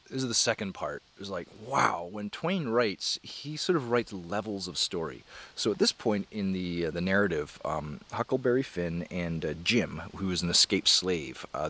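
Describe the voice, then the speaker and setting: A man's voice: sits low, a bit bright. A man talking casually to camera about a book, rambling and enthusiastic with many fillers. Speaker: comics creator discussing a book. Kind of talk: casual vlog talk. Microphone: camera mic.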